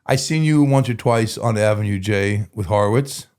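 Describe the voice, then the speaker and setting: A man in his forties talks candidly as an interview guest, his voice sitting slightly low. He rambles through stories, restarting words and dropping casual slang. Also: normal speed, darkish tone. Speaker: guest in recovery. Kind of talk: casual conversational storytelling.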